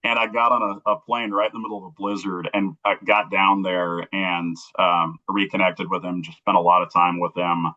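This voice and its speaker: Low-voiced guy telling his story, halting and earnest, kinda muffled recording. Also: flat delivery, bright, forceful tone. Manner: earnest, halting, acts out quoted dialogue. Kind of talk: emotional personal storytelling. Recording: dull lo-fi recording.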